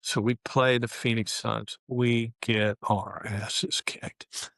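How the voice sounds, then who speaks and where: A man's voice: medium pitch, slow pace, gravelly, dry recording, studio quality. A man, telling a candid, colorful story as an interview guest. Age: 70s. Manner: candid, relaxed, colorful, with frequent fillers. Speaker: guest, former pro basketball player.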